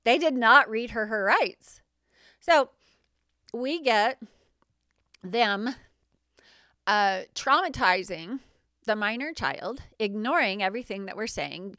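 A woman's voice: fairly high pitch, lively intonation, slow, long pauses, sharp tone, no echo, clean studio sound. A middle-aged woman hosting her show, recounting events in an indignant, sarcastic way. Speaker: host. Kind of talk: personal account monologue.

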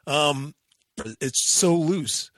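A man hosting a podcast in casual chat, retelling stories in an animated way and acting out bits of voices. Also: on the high side, very slow, dry recording, studio quality. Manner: animated storyteller, acts out voices. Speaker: podcast host.

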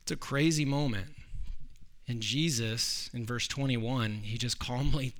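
A man's voice: mid-range voice, unhurried, a bit bright. A man preaching a sermon in a conversational way, often restarting his sentences. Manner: conversational, with frequent restarts and acted quotes.

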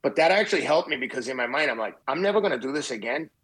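A man in his fifties, an endurance runner, telling a story as an interview guest in a blunt, profane and animated way, acting out the dialogue. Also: medium pitch, rapid-fire, husky, low-quality recording. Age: 50s.

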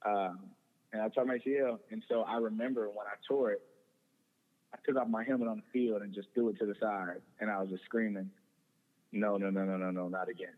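Young male guest, earnest, stumbling restarts, low voice, phone-thin sound with long reverb. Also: fairly even intonation, brisk, narrow, tinny audio. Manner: earnest, repeats words and restarts often. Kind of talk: personal testimony in conversation.

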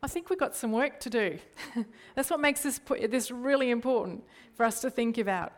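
A middle-aged Australian woman with a fairly high-pitched voice preaches earnestly at normal speed as a church leader. She often turns to her listeners with rhetorical questions.

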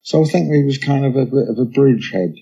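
A man's voice: medium pitch, fast, gravelly, breathy edge, lo-fi sound. A man, telling casual anecdotes as a guest in an on-stage conversation, peppered with "you know". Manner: chatty anecdotes, frequent "you know", quotes others in lively bursts. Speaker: interview guest, musician.

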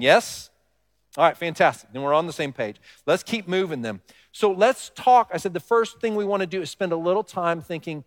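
A male pastor delivering a sermon in a conversational way, often asking the congregation questions. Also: on the high side. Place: church hall with congregation. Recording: long reverb of a large hall.

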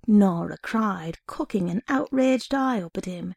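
A woman reading a short story aloud in the first person, steady and wry. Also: medium pitch, unhurried, gravelly, slightly rough, no room sound, studio quality. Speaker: reader.

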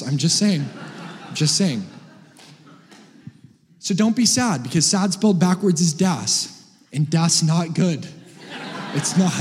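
A man preaches with a high, bright voice, cracking jokes and rising to shouts. His words ring out with a long reverb across a large church hall. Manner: joking, animated, builds to shouts. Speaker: guest preacher. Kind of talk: energetic sermon.

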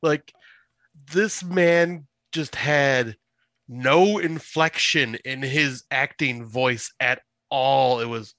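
A man's voice: medium pitch, very slow, sharp tone, no room sound. A man who is a guest on a podcast, agreeing with the host and chiming in with short replies as they discuss a movie.

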